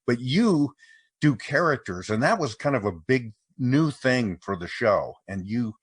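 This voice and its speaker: A man hosting a casual interview, chatting in an animated and complimentary way. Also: mid-range voice, measured pace, breathy edge, no room sound. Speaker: host.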